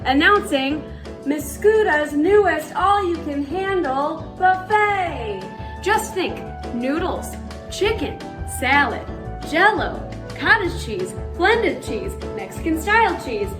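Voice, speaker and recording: A woman plays a cheerful small-town grocer in a mock local commercial. Her voice sits very high and swings lively up and down, with clear music playing under her pitch. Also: slow, full character voice. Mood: chirpy. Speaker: market owner in a mock local ad.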